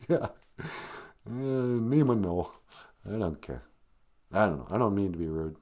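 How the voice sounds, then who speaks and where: A man's voice: fairly low pitch, expressive, measured pace, long pauses, a little mellow. Guy ranting on his podcast livestream, sarcastic and grumpy, voice bouncing up and down a lot. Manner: sarcastic, rambling, mock-grumpy. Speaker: podcast host. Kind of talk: comedic rant on a live stream.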